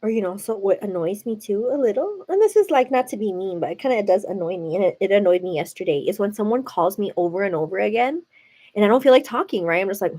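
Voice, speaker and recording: A young American woman is hosting a livestream and chatting casually with viewers, peppering nearly everything with "like" and "girl." She has a warm, mid-range voice, speaks fast, and is expressive.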